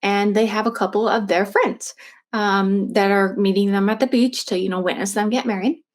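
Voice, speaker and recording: A woman's voice: mid-range voice, fairly even intonation, moderate pace. A woman casually retelling a true crime story, chatty, with lots of fillers and restarts.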